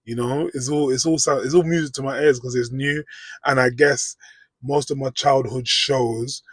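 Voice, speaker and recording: A British man talks to camera in a loose, rambling way. He keeps asking "do you know what I mean". His voice is slightly husky, mid-pitched, and recorded close and dry. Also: fairly even intonation, moderate pace, fairly bright tone, no room sound. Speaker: vlogger. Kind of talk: casual reaction commentary.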